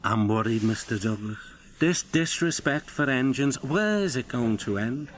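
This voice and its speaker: A man voicing a loyal, respectful old brake van who speaks in a low, confiding way. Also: animated, measured pace, a little hiss or hum, close to an everyday voice. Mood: deferential. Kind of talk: storybook narration.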